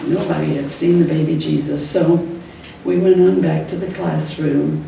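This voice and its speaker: A woman's voice: low voice, normal speed, vocal fry, warm tone. An older woman, a retired school teacher, fondly recalling stories from her classroom, chuckling now and then. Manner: fond storyteller, often chuckling. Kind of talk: personal reminiscence. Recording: echoey room, distant mic, faint noise.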